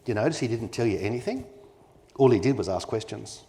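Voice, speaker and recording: A man's voice: fairly low pitch, animated, quick pace, dark tone. A man gives a live conference talk as keynote speaker, delivering each point with emphasis and constantly checking in with his audience through rhetorical questions. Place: conference venue.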